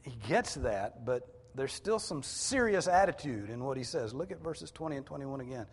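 A man's voice: mid-range voice, expressive, moderate pace, slightly rough. Man preaching in a reverberant hall. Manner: conversational, explains scripture in plain everyday words. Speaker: pastor. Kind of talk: sermon. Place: church hall with a congregation. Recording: long reverb of a large hall.

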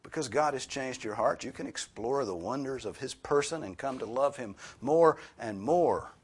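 A man preaching an expository sermon, stressing key words loudly and dropping some phrases to a hushed near-whisper. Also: medium pitch, normal speed, husky.

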